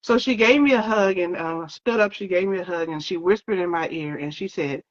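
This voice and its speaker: Lower-pitched woman on a dull recording. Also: a little fast, hardly any pauses. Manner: conversational, often quoting others, many fillers. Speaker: interviewee sharing her illness story. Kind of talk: personal storytelling in an interview. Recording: dull lo-fi sound.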